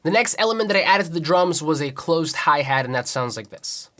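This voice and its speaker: A man's voice: a little high, brisk. Man explaining a beat over music. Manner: relaxed explanatory, counts beats aloud. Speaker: music producer teaching. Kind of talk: tutorial walkthrough. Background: beat playback music.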